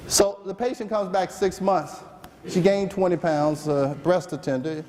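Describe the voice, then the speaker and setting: A man's voice: high-pitched, steady tone, a little slow, darkish tone, long reverb tail. A man from the American South, a physician, giving a medical seminar lecture with jokes, asking the audience questions and answering them himself. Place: seminar room.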